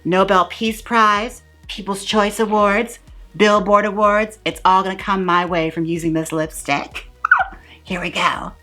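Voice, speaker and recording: Woman, beauty vlogger, playful mock-dramatic gushing, bright voice, close mic. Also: medium pitch, fairly even intonation, unhurried, soft background music. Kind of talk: comedic makeup review vlog.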